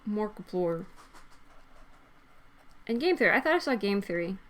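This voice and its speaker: A woman's voice: medium pitch, sing-song. A woman co-hosting a casual drawing session, talking in a playful, teasing way. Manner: playful, teasing, quick to laugh. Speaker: co-host. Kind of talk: casual chat while drawing.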